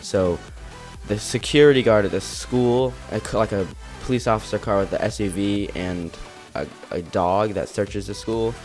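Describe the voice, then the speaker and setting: Teen male vlogger, deep low voice, casual rambling anecdote, just out of bed. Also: moderate pace, darkish tone, soft background music. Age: teens. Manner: rambling, full of restarts and quoted dialogue. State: just woke up. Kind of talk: casual storytelling.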